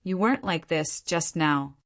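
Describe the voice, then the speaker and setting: A woman's voice: deep voice, expressive, a little slow, fairly bright tone, exaggerated voice. Woman reading a playful teasing young woman. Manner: teasing, giggly.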